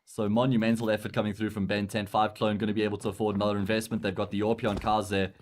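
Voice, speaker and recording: A man with a South African accent doing live esports commentary, breaking down plays in a measured, analytical way. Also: lowish voice, flat delivery, slight background noise.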